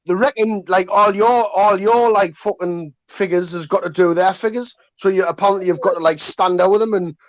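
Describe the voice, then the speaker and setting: Dad on a live chat, kinda high voice, dead dry sound, swears every other word. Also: male voice, fairly even intonation, a little fast, hardly any pauses, no room sound, highs cut off. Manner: swears a lot, earnest storytelling. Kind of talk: casual banter.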